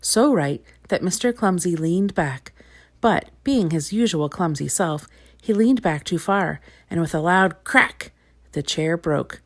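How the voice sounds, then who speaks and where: A woman reading a children's storybook aloud, expressive and clear. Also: fairly low pitch, measured pace.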